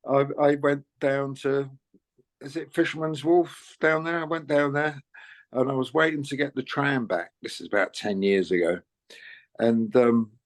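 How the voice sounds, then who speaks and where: An older man, telling anecdotes in a casual interview, full of "you know"s and quick laughs. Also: mid-range voice. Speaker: interviewed musician.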